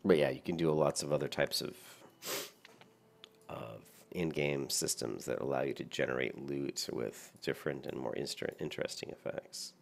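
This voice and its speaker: A worn-out man talks over his gameplay in an extremely deep, gravelly voice. He rambles and circles back, sounding half asleep as he goes. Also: steady tone, moderate pace. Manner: rambling, with many fillers and restarts. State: very tired, yawning. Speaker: gameplay commentator. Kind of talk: casual gameplay commentary.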